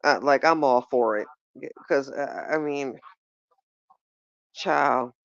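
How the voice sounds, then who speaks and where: A woman with hosts a casual livestream, talking right to her viewers. She is animated and repeats phrases for emphasis, her voice smooth and resonant. The sound is dry and close, a little dull. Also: very deep voice, slow, dry recording. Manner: animated, repeats phrases, talks straight to chat. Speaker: livestream podcast host.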